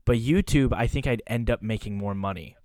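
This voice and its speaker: A man's voice: on the low side, brisk, a little mellow, dry recording. A man talking loosely and candidly as a podcast guest, swearing now and then. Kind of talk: casual podcast chat.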